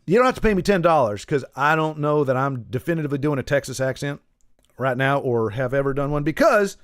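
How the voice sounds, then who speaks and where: A man talks to his stream chat while playing, his voice sitting a little higher than most men's. He rambles, restarts his sentences and drops in jokey asides. The sound is dry and close, with no room around it. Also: lively intonation, quick pace, no echo. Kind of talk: casual live-stream chat while gaming. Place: in Texas.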